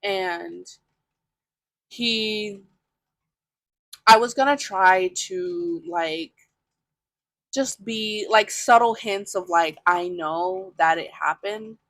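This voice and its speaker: A woman's voice: mid-range voice, extremely slow, long pauses, fairly bright tone, dry recording. A woman podcast host telling a personal story in a candid, casual way, full of fillers and the odd swear word.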